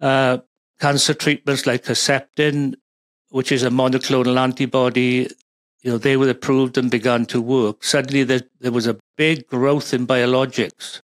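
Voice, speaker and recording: A man's voice: medium pitch, little pitch movement, moderate pace, no room sound. Welsh man, rambling expert guest. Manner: rambling, with many fillers and restarts. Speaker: guest, pharma supply chain expert. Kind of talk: conversational interview.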